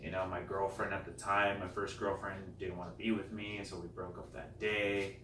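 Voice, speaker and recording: A man, a comedian guest, telling a personal story in an animated, self-deprecating way. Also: sits low, normal speed. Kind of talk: comic storytelling. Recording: roomy, distant mic, faint noise.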